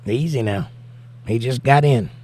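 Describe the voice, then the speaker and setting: A man's voice: mid-range voice, unhurried, darkish tone. Brief: American male streamer, laid-back chat, reads comments in a sing-song lift. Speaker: livestream host. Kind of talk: casual chat reading viewer comments.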